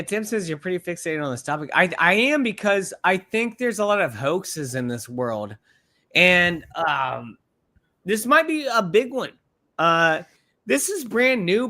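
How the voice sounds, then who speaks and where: A high-voiced man co-hosts a casual live podcast, reading a document aloud and interrupting it with animated asides full of swearing.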